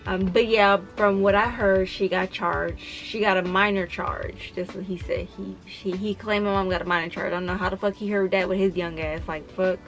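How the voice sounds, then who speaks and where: A woman's voice: mid-range voice, fairly even intonation, moderate pace, few pauses, poor audio. A young woman telling a story to camera in a vlog, blunt and profane, talking straight to her viewers. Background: faint background music.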